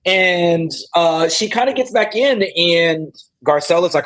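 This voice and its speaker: Man, slightly high voice, casual TV recap, animated, acts out quotes. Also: a little slow. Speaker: podcast host.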